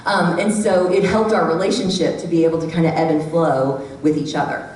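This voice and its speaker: A middle-aged woman giving a lively workshop talk to a live audience, acting out the voices she quotes. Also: low-pitched, brisk. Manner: animated, acts out quoted voices. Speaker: workshop speaker. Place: church hall. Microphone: handheld microphone. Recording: echoey hall from far off, faint background hum.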